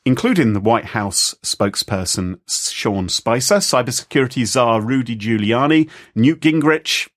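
Give me a man hosting a podcast, chatty and animated. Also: mid-range voice, measured pace, hardly any pauses. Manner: lively storytelling, chatty asides. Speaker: podcast host. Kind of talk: casual chat.

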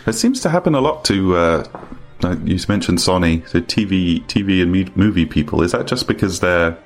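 A man's voice: deep voice, lively intonation, fairly quick, soft background music. A man co-hosting a podcast in casual chat, hesitant and repeating words as he starts a question.

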